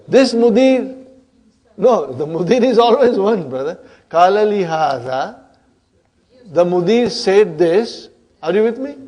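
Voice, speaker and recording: A man's voice: high voice, lively intonation, unhurried, mellow. A man teaching Arabic grammar to a class in a lecture style, often checking in with his students.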